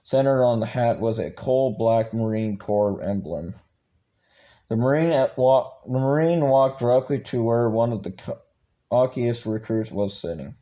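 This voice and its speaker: A man's voice: medium pitch, a little slow, dark tone, lo-fi sound. A man reading a book aloud, stumbling and restarting words often. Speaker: channel host reading a book.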